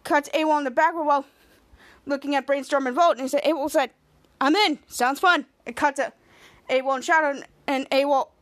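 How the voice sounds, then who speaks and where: A woman's voice: sits high, steady tone, rapid-fire. A woman podcast host casually recapping a TV episode scene by scene, quoting the characters as she goes.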